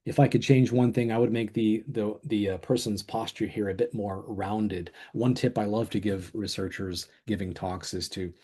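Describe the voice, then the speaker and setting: A man's voice: on the low side, fairly even intonation, normal speed, hardly any pauses, warm tone, husky. A middle-aged man co-hosting a webinar on a video call, speaking reflectively, agreeing with his co-presenter and stumbling a little. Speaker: webinar co-host. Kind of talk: webinar discussion. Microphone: desk microphone on video call.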